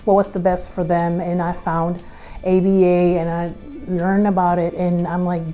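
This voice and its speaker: A woman in her clinic talks in an interview with a mellow, warm-toned voice. She speaks hesitantly, often pausing to search for words, with feeling in her voice. Faint music sits behind her. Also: fairly low pitch, level tone. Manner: halting, searching for words, emotional. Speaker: clinic owner and parent.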